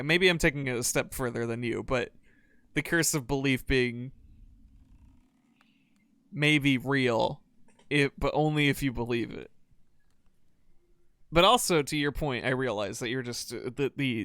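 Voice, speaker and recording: A man's voice: medium pitch, fairly bright tone, smooth, no echo. Rambling, laughing male game commentator. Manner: rambling, laughing, swears casually. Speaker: let's play host. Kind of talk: game commentary and reading aloud.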